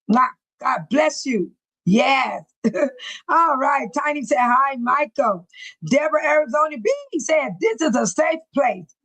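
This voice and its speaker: A woman's voice: high-pitched, a bit bright, no echo, poor audio. An older woman hosting a casual livestream, reading out chat comments with frequent laughs. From United States. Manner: chatty, laughs often, calls herself by her channel name. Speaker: livestream host.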